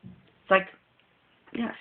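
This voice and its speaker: Earnest woman preaching over a phone-like line. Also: extremely slow. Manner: earnest, repetitive, pleading. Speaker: faith video host. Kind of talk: informal spiritual encouragement. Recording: tinny phone-like audio with faint hiss.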